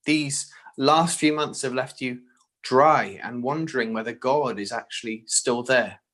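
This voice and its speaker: A man delivering a sermon in an earnest, direct manner. He speaks at a middle pitch and often turns to the listeners with rhetorical questions. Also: measured pace, fairly bright tone. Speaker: preacher.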